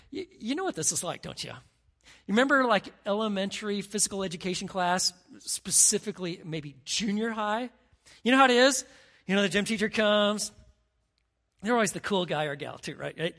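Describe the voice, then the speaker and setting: Pastor giving a lively sermon, acts out scenes and keeps asking the room questions, mid-range voice. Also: medium pitch. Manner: animated, acts out scenes, asks the crowd "right?".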